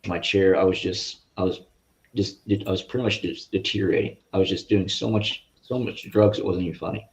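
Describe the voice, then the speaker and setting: A man giving a guest's personal faith testimony in an interview, in an earnest, halting and rambling way over a video call. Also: low-pitched. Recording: muffled lo-fi audio.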